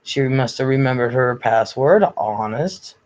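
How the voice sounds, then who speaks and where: A man's voice: mid-range voice, a little slow, a little mellow. An older man hosting a casual livestream from home, reading viewer comments aloud in a chatty, blunt way, swearing freely and sounding a bit congested from illness. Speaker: livestream host. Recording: slightly dull lo-fi audio.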